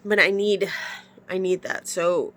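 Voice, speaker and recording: A woman's voice: on the low side, steady tone, unhurried, a bit bright. Tearful woman venting, stuffy-nosed. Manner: emotional, frank venting with sighs. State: stuffy nose from crying. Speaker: vlogger. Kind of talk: casual confessional vlog.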